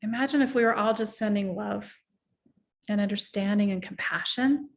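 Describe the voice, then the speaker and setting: A middle-aged woman life coach giving an earnest, reflective motivational talk, sometimes guiding the listener through slow breathing. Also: mid-range voice, creaky.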